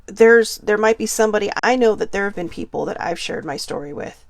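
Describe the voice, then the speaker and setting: Earnest woman in her forties, gravelly. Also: mid-range voice, a little fast, no echo. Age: 40s. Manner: rambling and earnest, many fillers and restarts. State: getting emotional. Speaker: podcast host. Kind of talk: casual personal monologue.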